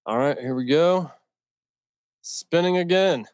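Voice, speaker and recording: A man's voice: a little high, takes it slowly, a little mellow, no echo. Man handling raffle duties on a podcast, matter-of-fact announcing, dry sound. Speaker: raffle organizer. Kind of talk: casual podcast talk.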